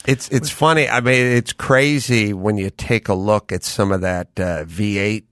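A man co-hosting a studio podcast, telling stories in an animated way, laughing and acting out quotes. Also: on the low side, a little slow, no echo. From United States. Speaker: podcast co-host. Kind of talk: casual storytelling chat.

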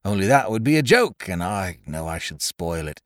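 A man doing a hearty, loud carrier. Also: low-pitched, sing-song, moderate pace, no room sound, studio quality, pitched below the performer's own voice. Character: burly good-natured man, a carrier.

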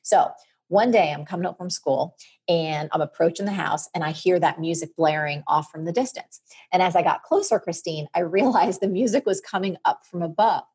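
Husky woman telling a lively story. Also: on the low side. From New Jersey. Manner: animated, vivid storyteller. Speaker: guest. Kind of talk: personal storytelling on a podcast.

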